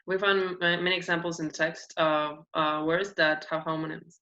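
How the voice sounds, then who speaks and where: A woman's voice: deep voice, little pitch movement, normal speed, sharp tone. A woman giving a class presentation on phonetics, explaining with frequent filler sounds. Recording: dull, lo-fi sound.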